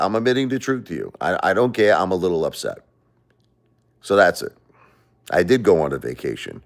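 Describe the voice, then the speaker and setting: A middle-aged American man with a low, deep voice hosts a livestream. He rants bluntly and emotionally, pushing back at his viewers with plain, confrontational talk. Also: very animated, normal speed. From United States. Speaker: livestream host. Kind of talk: livestream rant.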